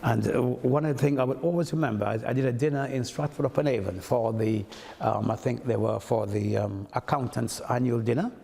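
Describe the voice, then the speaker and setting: In a large hall, an older toastmaster from Montserrat tells animated anecdotes and acts out what the people in them said. His medium-pitched voice shows vocal fry, and his pace is a little fast.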